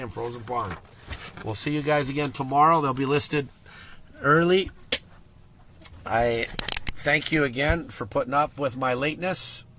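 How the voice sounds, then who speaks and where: Man, live-stream card break host, chatty and upbeat, mid pitch, faint hum behind. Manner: chatty, gets excited over pulls.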